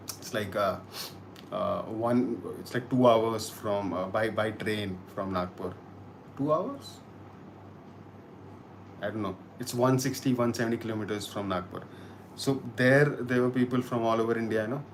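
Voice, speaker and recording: A man from Kashmir hosts a casual live stream, reading comments and thanking viewers. His voice is on the low side, and a faint hiss or hum runs underneath. He's chatty, repeating words and restarting often.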